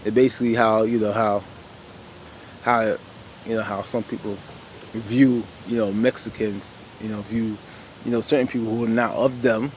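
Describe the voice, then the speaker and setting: A man's voice: on the low side, little pitch movement, normal speed, a little mellow, a little hiss or hum, poor audio. Rambling man recapping with heavy fillers. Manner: rambling, many "you know" fillers, addresses viewers as "y'all". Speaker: TV show reviewer. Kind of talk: casual episode recap.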